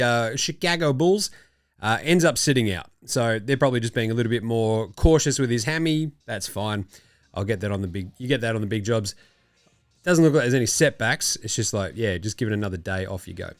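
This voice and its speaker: An Australian man hosting a casual sports talk show, animated and swearing freely. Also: mid-range voice, fairly quick, dry recording. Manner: animated, swearing, laughing asides. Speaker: podcast host.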